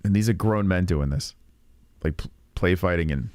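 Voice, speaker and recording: A man's voice: deep voice, moderate pace, darkish tone, no room sound. A man in his thirties hosting a casual reaction stream, rambling with profane sarcasm. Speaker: podcast host.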